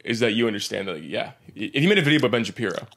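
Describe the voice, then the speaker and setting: A young man co-hosting a podcast, rambling quickly with many restarts in casual chat. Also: lowish voice, animated, a bit bright. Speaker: podcast co-host.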